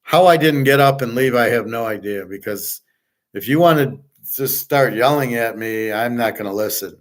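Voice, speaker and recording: A man's voice: medium pitch, normal speed. A middle-aged man hosting his own show, talking in a blunt, self-assured, rambling monologue and often repeating words as he rants. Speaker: podcast host.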